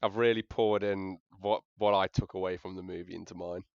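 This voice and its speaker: Male podcast co-host, lowish smooth voice, rambling laughing banter, slightly dull lo-fi sound. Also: steady tone, brisk, no echo. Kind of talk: casual chat.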